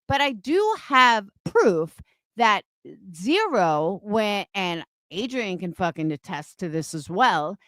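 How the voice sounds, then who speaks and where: A woman's voice: mid-range voice, no echo, studio quality. A woman in her fifties ranting on a livestream, profane and scornful, mocking her critics. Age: 50s. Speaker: livestream host.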